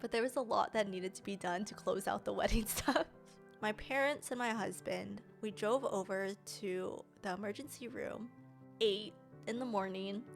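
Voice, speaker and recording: A young woman streamer telling a personal story casually, animated and slangy, often laughing. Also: medium pitch, normal speed, creaky, soft background music.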